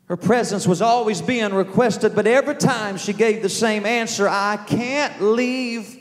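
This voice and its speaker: A man's voice: sits high, normal speed, big-room sound. A male pastor telling an emotional story in a sermon, slipping into the voices of the people in it. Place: church sanctuary. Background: soft music.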